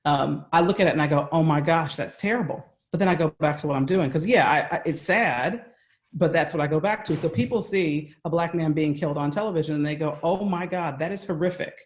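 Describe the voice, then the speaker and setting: A man with an American accent speaks as a guest over a video call from his home. His voice sits a little high, and his talk is earnest and conversational, often checking in with the listener. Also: fast. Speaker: guest speaker on workplace bias. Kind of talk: remote interview.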